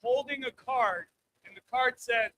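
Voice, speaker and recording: A man's voice: very high voice, unhurried, fairly bright tone, dry recording, poor audio. A man doing a stand-up comedy set on a live stage mic, brash and crude, often checking in with the crowd. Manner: brash, crude punchlines, keeps checking in with "all right?".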